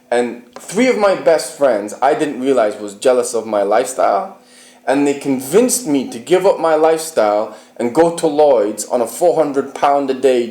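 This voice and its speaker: A man's voice: medium pitch, dark tone, roomy sound. A man from the United Kingdom telling his personal story in an interview, emphatic and profane, often asking the listener whether he is right.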